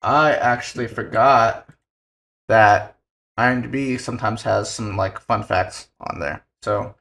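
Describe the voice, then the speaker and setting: A man's voice: fairly low pitch, steady tone, unhurried, gravelly, a bit bright. A young man co-hosting a film podcast, chatting loosely with lots of fillers and casual swearing. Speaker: podcast co-host.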